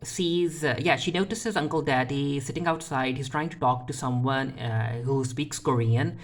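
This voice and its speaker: A TV episode reviewer with a medium-pitched voice gives a casual, chatty recap. They retell scenes through quick paraphrased quotes, with frequent fillers and restarts.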